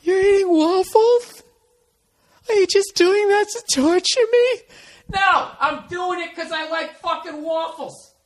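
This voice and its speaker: A man putting on a high, whiny voice as a nagging girlfriend on a diet, from a distance off the mic. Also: slow. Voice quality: high mocking whine.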